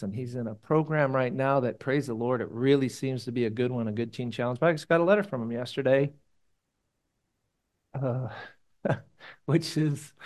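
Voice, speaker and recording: A man preaches to his church in a relaxed, conversational way, with a mid-range voice. He rambles a bit, then rises suddenly and emphatically when he wants a point to land. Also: mid-range voice. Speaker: pastor. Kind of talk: conversational sermon. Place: church meeting room.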